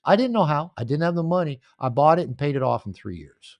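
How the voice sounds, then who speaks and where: A man's voice: mid-range voice, animated, fast talker, hardly any pauses, dry recording. An older man telling stories in a podcast interview, rambling and anecdotal, recorded at home. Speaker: author and coach.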